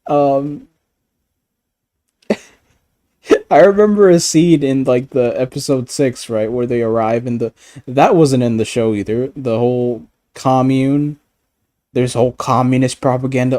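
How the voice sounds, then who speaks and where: Warm-voiced man in rambling, profane chat. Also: medium pitch, normal speed. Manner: rambling, stammering, profane, laughing. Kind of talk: casual chat.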